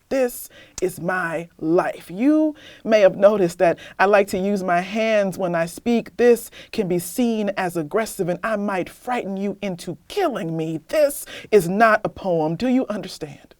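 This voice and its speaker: A young woman poet, candid and animated, talking about her reading life in an interview and then reading her poem aloud. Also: mid-range voice, no echo, clean studio sound. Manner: candid, animated, laughs often. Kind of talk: casual interview chat, then poetry reading.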